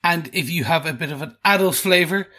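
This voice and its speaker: A man co-hosting a podcast, giving a relaxed, chatty TV episode review. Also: on the high side, brisk. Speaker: podcast co-host. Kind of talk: casual chat.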